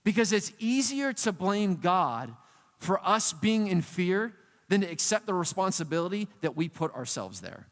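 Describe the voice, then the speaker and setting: A youth pastor preaches in a casual, slangy, animated way. His voice sits high for a man and carries long hall reverb. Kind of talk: sermon.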